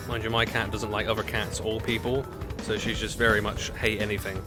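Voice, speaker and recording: A young man chatting casually and giggling often while live-streaming a racing game, loud game music behind. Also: on the low side, level tone, fairly quick, hardly any pauses.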